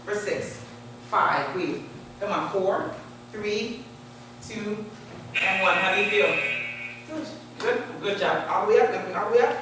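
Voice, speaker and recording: A woman's voice: medium pitch, takes it slowly, long pauses. A woman fitness instructor leading a live exercise demo, counting down and urging her group on. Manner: energetic coaching, counting down and urging. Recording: echoey distant room recording with noise.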